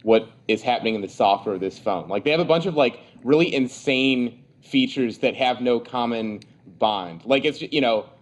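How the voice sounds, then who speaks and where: A man speaking as a guest on a casual tech podcast. He talks in a measured way, with a few halting restarts. His pitch sits in a middle range for a man.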